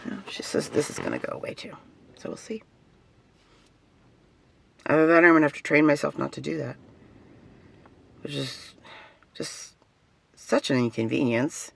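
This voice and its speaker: Gravelly, rambling personal vlogger. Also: medium pitch. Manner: rambling, chatty, often trailing off and restarting. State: has facial tics. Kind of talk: casual personal vlog.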